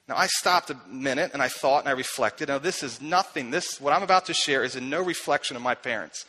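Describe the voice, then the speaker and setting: A man, a pastor, telling a personal story in a sermon, earnest and confessional, growing soft and quiet when he recalls what was said. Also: medium pitch, fairly quick, hardly any pauses, rough recording.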